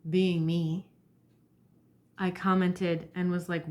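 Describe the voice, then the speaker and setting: A woman's voice: lowish voice, a little slow, fairly bright tone. A woman ranting bluntly in a vlog monologue, heated and full of profanity. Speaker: vlogger.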